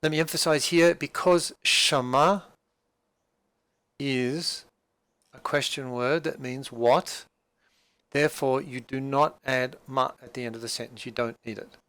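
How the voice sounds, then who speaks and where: Patient male teacher with a smooth voice. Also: medium pitch, fairly even intonation, a little slow, fairly bright tone. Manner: patient, with many fillers and restarts. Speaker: language teacher. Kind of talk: explaining a textbook dialogue.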